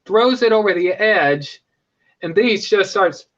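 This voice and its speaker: A man's voice: high-pitched, animated, unhurried, a bit bright, lo-fi sound. A young man casually reviewing a movie, rambling with frequent restarts and fillers.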